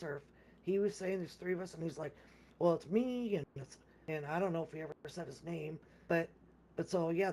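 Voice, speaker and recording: In a mid-range, darkish voice, a gamer casually storytells about a game session, going on at length with lots of restarts and repeated words. Other people's lines get acted out as quoted speech throughout.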